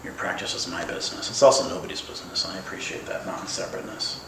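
A man giving an animated, playful dharma talk as a Zen teacher, laughing often. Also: low-pitched, very fast, slight background noise. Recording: echoey room, mic at a distance.

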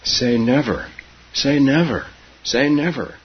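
A man's voice: fairly high pitch, huge pitch swings, slow, husky, pitched above the performer's own voice, full character voice. An older man voicing a small eager girl who pleads with her grandmother, in a muffled recording. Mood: pleading. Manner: pleading, insistent.

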